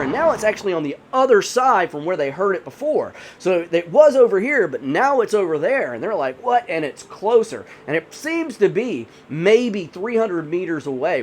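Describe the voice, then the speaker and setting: High, animated male horror storyteller. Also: slight background noise. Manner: rambling, many 'you know' fillers. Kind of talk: casual spoken horror storytelling.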